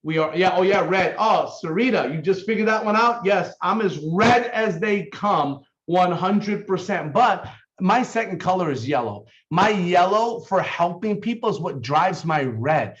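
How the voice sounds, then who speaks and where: A man's voice: high-pitched, animated, measured pace, a bit bright, highs cut off. A man giving a fired-up, emphatic motivational sales talk to his team. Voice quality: fired up, emphatic, intense delivery. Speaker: team leader.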